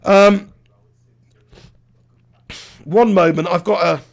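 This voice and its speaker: High, gravelly man ranting. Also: fairly even intonation, extremely slow. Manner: passionate, ranting, swears freely, reads out viewer messages. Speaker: live-stream host reacting to a football match. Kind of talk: live-stream chat and fan rant. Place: small home studio.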